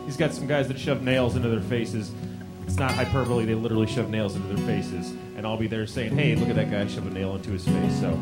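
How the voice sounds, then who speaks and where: A man hosting a live comedy show, chatty as he introduces the acts. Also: mid-range voice. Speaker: show host.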